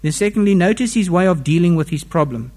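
A man preaching a sermon, reading scripture and explaining it with expressive rises and falls in pitch and volume. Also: fast.

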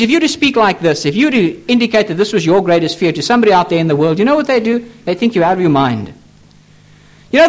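Male pastor, very high pitch and lively intonation; emphatic, repetitive pulpit sermon. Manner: emphatic, repetitive preaching with pleading appeals. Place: church.

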